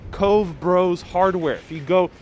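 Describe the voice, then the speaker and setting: A sarcastic, playful man hosts a live stream outdoors on a city street, laughing between jokes. His voice sits a little high, with faint traffic behind it on a wireless lapel mic. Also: unhurried, darkish tone. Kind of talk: joking live walking stream.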